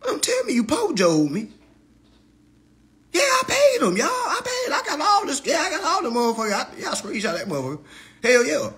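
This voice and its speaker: A man hosts a comedic roast livestream, animated and profane, with frequent laughter. His voice sits high and sounds bright and forceful. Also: a little fast, long pauses. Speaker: livestream host.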